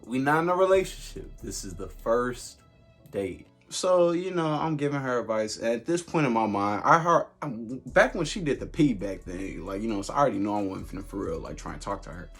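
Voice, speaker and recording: A young man in a casual storytime vlog, animated and heavy on fillers. His voice sits at a middle pitch with a husky grain. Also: a little fast, faint music behind. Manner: animated, laughing, lots of filler words. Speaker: vlogger.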